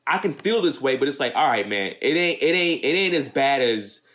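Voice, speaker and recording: A man with a mid-pitched voice chatting on a podcast from home. He talks laid-back and earnest, using lots of slang and swearing. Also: animated, a little fast, a bit bright. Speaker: podcast co-host. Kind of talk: casual chat about an anime.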